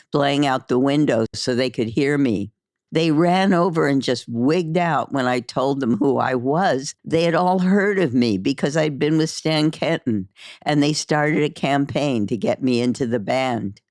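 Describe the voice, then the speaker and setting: A woman narrating a memoir in the first person, slow and measured, in audiobook style. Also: extremely low pitch, darkish tone, no room sound, clean studio sound.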